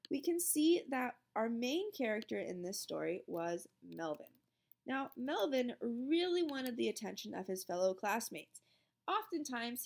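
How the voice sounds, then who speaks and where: A woman's voice: a little high, vocal fry. A woman teacher reading a storybook aloud expressively, then explaining the lesson.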